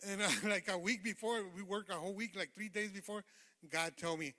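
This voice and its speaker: A lay preacher gives a fervent, informal testimony sermon, rambling with many fillers and calling out "amen" to the congregation. His high, bright voice is pushed and a little fast, echoing with the long reverb of a church sanctuary.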